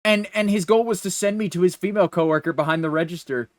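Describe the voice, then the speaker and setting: Animated man telling a story, dry sound. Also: sits high, fast talker, no room sound. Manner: animated storyteller acting out dialogue. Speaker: podcast co-host. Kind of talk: casual chat.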